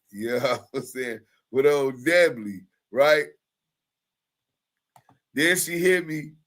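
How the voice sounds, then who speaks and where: A man's voice: fairly high pitch, a bit bright. A man on a casual livestream, reading court papers and emails aloud in a laid-back way, chuckling often. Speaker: livestream commentator.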